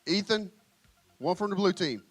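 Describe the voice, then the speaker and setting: A man leading a children's church session in a large indoor room, calling out to the kids loudly and with energy on a handheld microphone. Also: high voice, animated, normal speed, no room sound, soft background music. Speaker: children's ministry leader.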